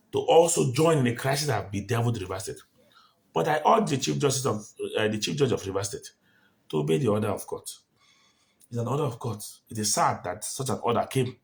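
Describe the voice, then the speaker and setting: A man's voice: mid-range voice, vocal fry. A man giving his legal opinion on a court order, emphatic and repeating his key phrases. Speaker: legal commentator. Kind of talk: spoken opinion commentary.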